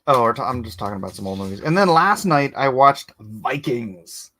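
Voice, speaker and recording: A man, a comic artist, chatting casually on a live stream while he inks, rambling and growing animated as he laughs through a story. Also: mid-range voice, normal speed.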